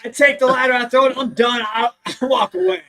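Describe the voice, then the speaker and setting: A man's voice: very high voice, expressive, a little fast, creaky, bright, forceful tone. A young man chiming in on a livestream chat, telling his side of the stories in a blunt, matter-of-fact way. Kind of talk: casual storytelling chat.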